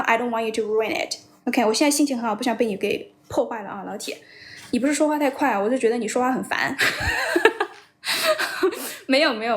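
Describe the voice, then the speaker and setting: A young woman hosting a casual livestream, chatting blunt and teasing with viewers and laughing often. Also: a little high. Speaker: livestream host. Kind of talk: casual livestream chat, mixing English and Chinese. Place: based in Shanghai.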